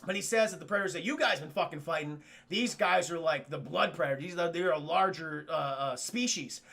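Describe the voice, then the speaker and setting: Excitable, gravelly-voiced man recapping a film. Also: on the high side, brisk. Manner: excitable, profane, addresses chat. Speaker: film reviewer streamer. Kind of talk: casual live film recap.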